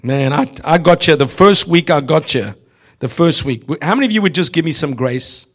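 A man's voice: a little high, lively intonation, moderate pace. A man preaching a humorous, prophetic sermon to a church congregation, exhorting and speaking to the listeners directly. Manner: exhorting, addresses listeners directly, often laughing. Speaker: visiting preacher.

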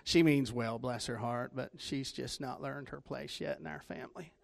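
A man's voice: medium pitch, sing-song, normal speed, vocal fry. A man with a Southern US accent preaching a sermon, telling stories with self-deprecating humor. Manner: joking, self-deprecating storytelling.

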